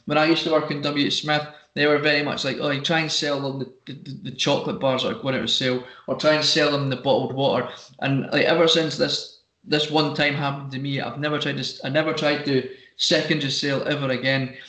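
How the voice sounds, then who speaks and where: Man, casual podcast chat, storytelling, middle pitch, echoey room. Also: level tone, fast, pushed and bright. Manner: storytelling with bursts of put-on voices.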